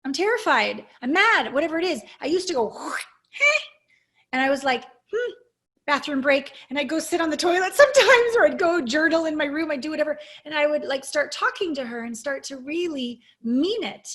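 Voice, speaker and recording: A woman coach answering interview questions over a video call. Her voice sits a little high, and her delivery is earnest, reflective and openly emotional. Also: lively intonation, moderate pace, fairly bright tone. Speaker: intimacy coach, guest. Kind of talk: interview storytelling.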